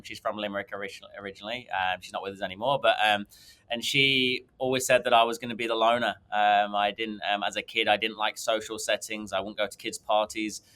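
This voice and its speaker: Bright-voiced man telling a story. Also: on the low side, smooth. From England. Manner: rambling, many ums and restarts. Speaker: guest. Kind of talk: conversational storytelling.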